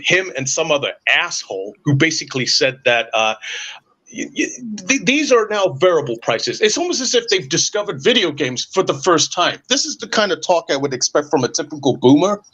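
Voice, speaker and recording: Ranting man with a bright voice. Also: a little high. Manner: animated, ranting, sarcastic. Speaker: podcast host. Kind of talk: casual podcast chat. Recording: dull lo-fi audio.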